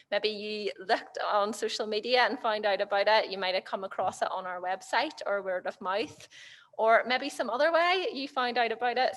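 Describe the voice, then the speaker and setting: A woman's voice: medium pitch, fairly bright tone. A woman hosting a church webinar, upbeat and chatty. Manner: upbeat, chatty, laughs easily. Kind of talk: live-stream hosting. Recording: long hall reverb.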